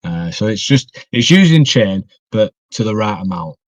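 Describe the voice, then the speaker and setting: Speaking in a lowish voice with big swings in pitch, a young wrestler from northwest England rambles through a casual podcast chat as a guest, restarting often and using fillers. His pace is moderate, and the recording is dry, dull and muffled.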